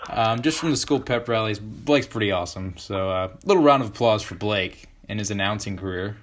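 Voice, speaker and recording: A teenage boy hosting a podcast, chatting in a joking, excitable way with lots of fillers. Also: lowish voice, fairly quick, a little hiss or hum. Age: teens. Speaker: podcast host. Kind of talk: casual podcast chat.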